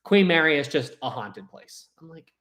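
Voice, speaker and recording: A young man hosting a casual live stream, rambling and animated, often restarting his sentences and reading viewer chats aloud. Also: on the high side, normal speed.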